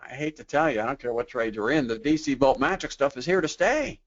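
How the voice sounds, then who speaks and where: A man's voice: medium pitch, animated, brisk, lo-fi sound. A man giving a sales training webinar in a conversational way, tossing out rhetorical questions and acting out customers in quoted voices.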